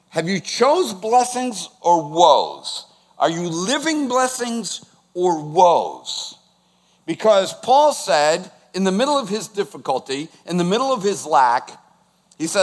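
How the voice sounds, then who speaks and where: A man preaching a sermon, animated, rising to bursts of emphasis. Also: high-pitched, slow. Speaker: pastor. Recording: long hall reverb.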